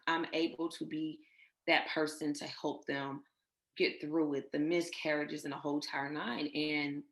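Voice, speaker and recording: A woman with a low voice tells her own story in an interview. She is heartfelt and emotional, speaks of faith, and often acts out what others told her. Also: a bit bright. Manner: emotional, faith-filled, retells others' words. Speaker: guest sharing her infertility story.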